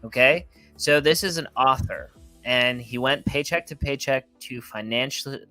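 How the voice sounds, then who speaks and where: A man's voice: mid-range voice, normal speed, sharp tone, no room sound, soft background music. A man co-hosting a casual crypto livestream, rambling and playful as he tells stories. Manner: loose, rambling, playful storytelling. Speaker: crypto show co-host.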